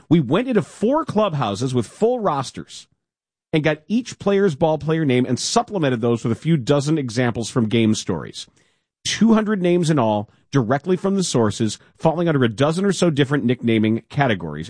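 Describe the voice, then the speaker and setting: A man co-hosting a casual sports talk show, reading a column aloud with playful, animated emphasis. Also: medium pitch, slightly rough, dry recording, studio quality. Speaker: radio co-host.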